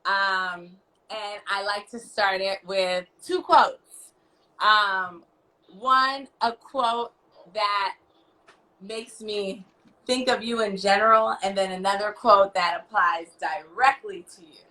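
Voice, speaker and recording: A woman's voice: mid-range voice, steady tone, slow, bright, forceful tone, rough recording. An American woman hosting a podcast, upbeat and teasing as she interviews a guest. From United States. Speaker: podcast host. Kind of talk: casual video interview.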